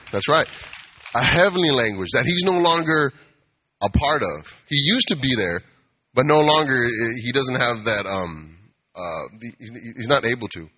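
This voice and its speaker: Bright-voiced man preaching casually. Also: mid-range voice. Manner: conversational, playful, acts out quoted voices. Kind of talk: casual sermon.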